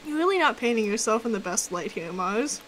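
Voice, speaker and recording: A woman's voice: fairly high pitch, lively intonation, brisk, fairly bright tone, a little hiss or hum, poor audio. A woman streamer chatting casually during a game, teasing her co-host and laughing often. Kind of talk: casual gameplay chat.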